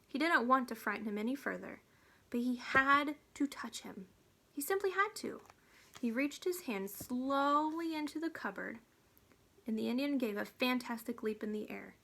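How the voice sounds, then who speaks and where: Woman reader for a children's chapter book, slightly high voice, steady pace. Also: moderate pace, creaky. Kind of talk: storybook read-aloud.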